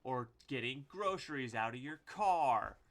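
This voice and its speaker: A man's voice: medium pitch, lively intonation, a little slow, a bit bright. A man co-hosting a casual podcast chat, joking and mocking himself. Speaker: podcast co-host.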